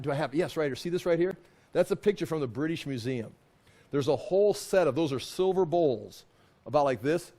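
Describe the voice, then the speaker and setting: A man's voice: a little high, a little mellow. A man teaching a casual Bible class, talking in a loose, conversational way that wanders off and restarts as he retells the story with animation.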